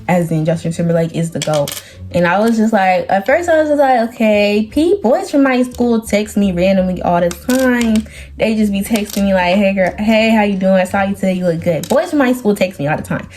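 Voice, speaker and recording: Chatty teen girl telling a story. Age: teens. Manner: chatty and animated, quoting people in lowered or raised voices. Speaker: vlogger. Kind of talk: storytime vlog.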